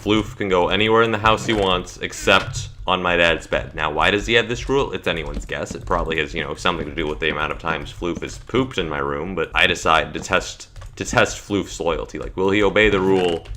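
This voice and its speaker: A man telling a casual, deadpan story to his stream, with lots of "like" and dry jokes. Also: low voice, brisk, few pauses, soft background music. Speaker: gaming streamer.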